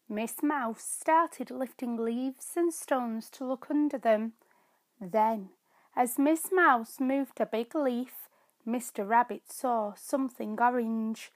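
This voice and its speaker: A woman reading her own children's story aloud, slow, gentle and clear. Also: on the high side, no echo. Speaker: storyteller and author.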